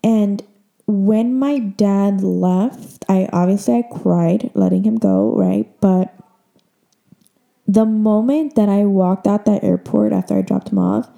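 Emotional young woman with a gravelly voice. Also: medium pitch, slow, dark tone. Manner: emotional, chatty, many fillers. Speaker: podcast host. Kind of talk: casual chat.

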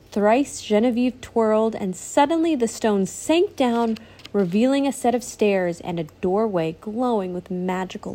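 A woman's voice: mid-range voice, dark tone. A woman reading a storybook aloud to her child, patiently stopping to answer questions.

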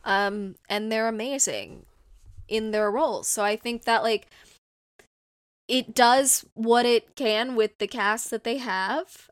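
A woman's voice: fairly high pitch, takes it slowly. A woman co-hosting a podcast, chatting casually and agreeing with enthusiasm. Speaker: podcast co-host. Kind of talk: casual chat.

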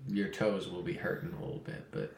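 A young man guest in a casual chat, relaxed and easygoing as he tells stories. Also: low voice, brisk, gravelly. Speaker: guest, fighter. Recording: roomy echo, faint noise.

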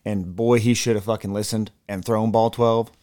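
A man co-hosting a casual sports podcast, telling excited, profane stories. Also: on the low side, normal speed, clean tone. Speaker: podcast co-host.

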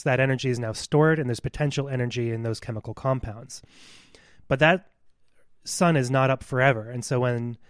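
Male podcast co-host, mid-pitch, earnest lecturer, dry close recording. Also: smooth, no echo. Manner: earnest, lecturing with scientific detail. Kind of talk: explanatory podcast talk.

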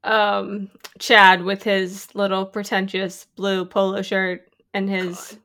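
A woman's voice: little pitch movement, slow pace, a bit bright. A woman co-hosting a podcast, chatting casually about a film and laughing often. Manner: chatty, laughs often, jumps into high voices for quotes. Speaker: podcast co-host.

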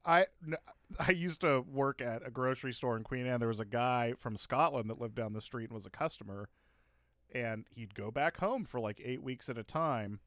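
A man co-hosting a casual comedy podcast, ranting emphatically with profanity and sudden loud bursts. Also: medium pitch, normal speed, dry recording, clean studio sound. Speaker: podcast co-host.

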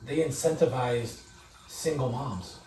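A man's voice: mid-range voice, slow pace, warm tone. A man in casual podcast chat, rambling and cussing with lots of fillers. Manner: rambling, profane, filler-heavy. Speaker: podcast guest. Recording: echoey room, mic at a distance.

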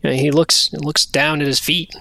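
A man running a tabletop game as game master, narrating scenes in a relaxed conversational way. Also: fairly high pitch, moderate pace, vocal fry, a little hiss or hum.

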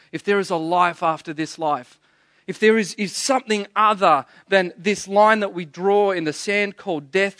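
Earnest storytelling marks this pastor's sermon, though he stammers and restarts his words often. He has a high-pitched, somewhat bright voice, captured in studio quality without any echo.

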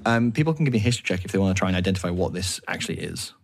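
A man narrating as game master of a tabletop game, describing scenes in a relaxed, hesitant way. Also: deep voice, racing, gravelly.

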